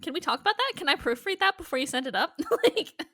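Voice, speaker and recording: Woman, high voice, very lively pitch, blunt and profane, casual podcast co-host. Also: quick pace. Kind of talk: casual chat recapping a TV show.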